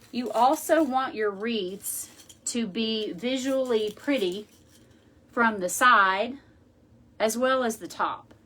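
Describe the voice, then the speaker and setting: A woman's voice: medium pitch, a bit bright. A woman hosting a craft tutorial, chatting casually and thinking aloud as she works. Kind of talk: casual how-to demonstration.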